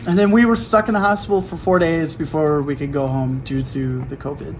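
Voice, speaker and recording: A young man chats on his home podcast, telling a story in an animated way and acting out bits of dialogue. His voice sits a little high. A faint hiss runs under the recording. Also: low-quality recording. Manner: animated storytelling with quick put-on quotes. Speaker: podcast host. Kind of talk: casual chat.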